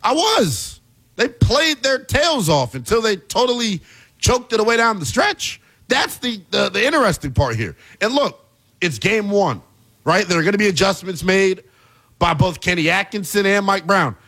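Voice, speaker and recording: A man hosting a basketball talk show, delivering an animated, exasperated commentary rant with plenty of emphasis. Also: high voice, normal speed. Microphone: earpiece in studio.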